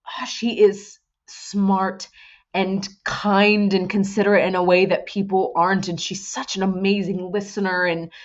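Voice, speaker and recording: A woman's voice: medium pitch, measured pace, highs cut off. Gushing thirty-something woman guest. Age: 30s. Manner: emotional, gushing, animated storytelling. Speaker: guest voice actor. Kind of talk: casual podcast interview.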